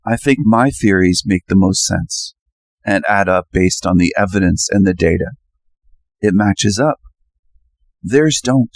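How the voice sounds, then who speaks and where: A man's voice: low-pitched, a little slow, long pauses, no echo. A man hosting his own channel, delivering an insistent solo monologue full of challenging rhetorical questions. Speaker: channel host.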